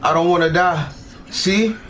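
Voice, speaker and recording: Animated, slangy male anime reactor. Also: fairly high pitch, fast talker, loud music behind the voice. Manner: animated, slangy, reads subtitles aloud, laughs often. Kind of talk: casual reaction commentary.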